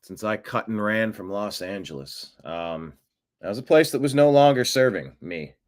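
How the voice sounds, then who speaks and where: An American man talks at normal speed while hosting a solo political commentary show, speaking unscripted. Sarcasm and animation run through it, and he leaps up in pitch for mocking asides.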